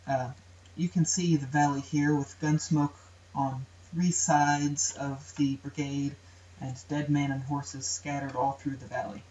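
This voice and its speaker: A man's voice: medium pitch, flat delivery, measured pace, darkish tone, far from the mic. A young man walks through a poetry lesson in a plain, explanatory voice and now and then chants out a rhythm. He sounds set back from the mic in a roomy space. The recording is dull and lo-fi, with a faint hiss underneath. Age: young adult. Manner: plain explanatory delivery, tapping out rhythms aloud. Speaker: student presenter. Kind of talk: educational video narration.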